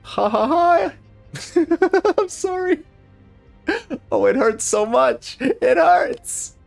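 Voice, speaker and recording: A man's voice: extremely high pitch, lively intonation, extremely slow, creaky, soft background music, pitched above the performer's own voice, heavily acted. A man voicing a giggling, bloodthirsty young woman villain from a video game, with cackling, sing-song taunts. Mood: giddy.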